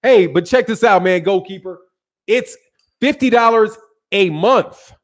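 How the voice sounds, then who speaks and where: A man's voice: high-pitched, unhurried. A man hosting a boxing channel live stream, giving emphatic commentary, reading viewer chats and repeating his points for stress.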